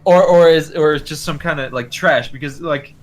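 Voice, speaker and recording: A man's voice: a little high, normal speed. A man co-hosting a casual podcast, rambling through his points with lots of "like" and restarts. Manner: rambling, heavy use of "like", hesitant restarts. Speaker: podcast co-host. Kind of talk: casual chat reviewing a cartoon.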